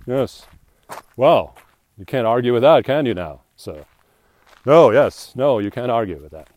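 A man's voice: mid-range voice, animated, unhurried, highs cut off, natural voice. A man putting on a stiff, polite middle-aged Englishman who insists on a stock excuse in a put-on English accent. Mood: smug, defensive.

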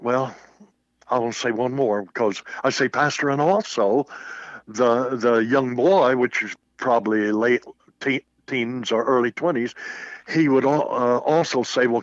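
A man's voice: mid-range voice, no room sound. An older man, a Baptist minister, telling a personal story in casual conversation and acting out the quotes. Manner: animated anecdote with acted-out quotes. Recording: muffled, dull audio.

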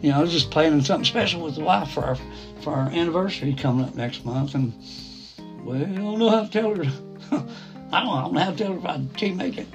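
A man's voice: a little high, lively intonation, quick pace. A middle-aged man narrating a first-person story, rambling with restarts and asides. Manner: quoting others in a plain voice. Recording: soft guitar music behind.

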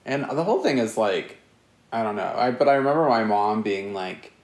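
A man with a somewhat low voice hosts a casual podcast and keeps the chat loose with crude, teasing jokes. The room is bare and his voice rings off the walls. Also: expressive. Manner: joking, teasing, quick to crude punchlines. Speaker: podcast host. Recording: roomy echo.

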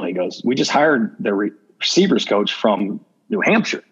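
A man's voice: lowish voice, big pitch swings, moderate pace, breathy edge. A man, a football coach, talking in a casual interview and acting out old conversations as he tells stories. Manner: candid, acts out remembered conversations. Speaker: assistant football coach, podcast guest. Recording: dull lo-fi audio.

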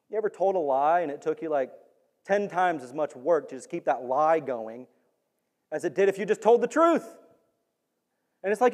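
An animated male preacher delivering a sermon, his voice pitched high and climbing to near-shouts when he drives a point home. The sound rings with the long reverb of a large hall.

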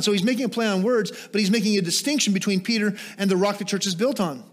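Speaking fast with few pauses, a pastor whose voice sits high asks rhetorical questions in his sermon. He then eases into quiet, explanatory teaching, dropping in small self-deprecating remarks.

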